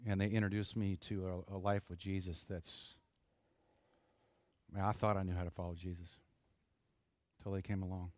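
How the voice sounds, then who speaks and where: A middle-aged man preaching a sermon in an earnest, conversational way, pausing for emphasis. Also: low-pitched, little pitch movement, darkish tone, no room sound. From United States. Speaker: pastor.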